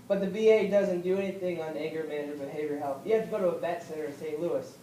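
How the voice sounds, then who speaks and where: A man's voice: on the high side, mellow. Earnest young man, echoey hall. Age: young adult. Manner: halting, earnest, repeats himself, rises when upset. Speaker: veteran speaker. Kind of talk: personal speech at a political event. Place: event hall. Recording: echoey hall from far off, faint noise.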